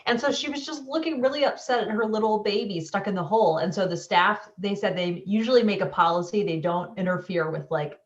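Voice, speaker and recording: Chatty book club woman, middle pitch, roomy echo, kinda muffled call audio. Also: brisk, few pauses, far from the mic. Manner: chatty storyteller, many "like"s. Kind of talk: casual book chat. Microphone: video call.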